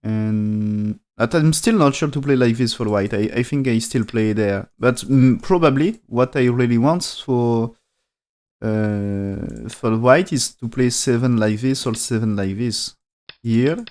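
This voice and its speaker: Male go commentator, live-stream review, non-native English, halting and thoughtful delivery. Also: mid-range voice, darkish tone. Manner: hesitant, thinking aloud with frequent restarts; speaks non-native English with dropped articles. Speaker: go game commentator.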